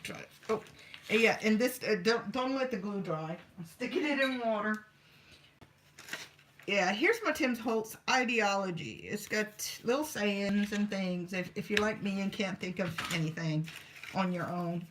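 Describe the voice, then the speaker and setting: A chatty woman talks her way through a crafting session at home, wandering from one thought to the next and muttering to herself as she works. Her voice sits at an easy middle pitch, and a faint hiss runs under the recording. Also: measured pace, a bit bright. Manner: rambling, chatty, talks to herself while working. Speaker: craft vlogger. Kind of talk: casual crafting chat.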